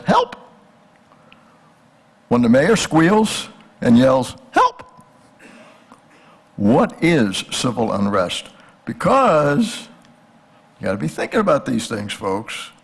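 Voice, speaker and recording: Older male lecturer, gravelly and husky, speaks casually to the audience and keeps asking rhetorical questions. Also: mid-range voice, very animated, a little slow. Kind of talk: conversational history lecture.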